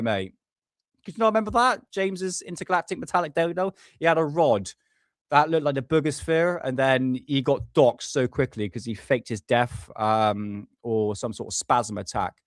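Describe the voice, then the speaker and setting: A man's voice: mid-range voice, no echo. A man hosting a live stream, talking casually and ranting with swear words.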